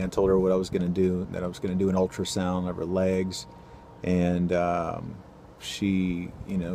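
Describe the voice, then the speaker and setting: A man telling a personal faith story to camera, earnest and halting, with many fillers and restarts. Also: low voice, warm tone, slight background noise. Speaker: ultrasound technician sharing a faith story. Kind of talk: casual testimony to camera.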